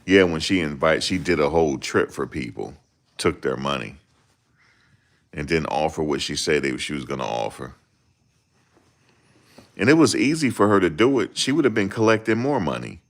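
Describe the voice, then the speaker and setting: A man with a very deep voice, giving casual, joking reaction commentary on a livestream. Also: lively intonation, normal speed, long pauses. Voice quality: very deep voice that people ask him to repeat. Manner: joking, laid-back, slips into mocking voices.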